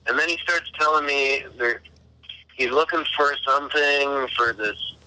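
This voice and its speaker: Bright-voiced man telling a story. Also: medium pitch, a little slow, a little hiss or hum, rough recording. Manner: profane, retells dialogue in quoted voices. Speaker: caller recounting a phone call. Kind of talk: casual storytelling.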